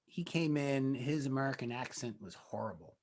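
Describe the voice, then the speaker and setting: A man in his sixties recounts on-set stories as a guest director in a laid-back interview. He slips into the voices of the people he quotes, at an everyday middle pitch. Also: lively intonation, moderate pace, darkish tone. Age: 60s. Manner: anecdotal, acts out quoted dialogue. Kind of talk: relaxed interview storytelling.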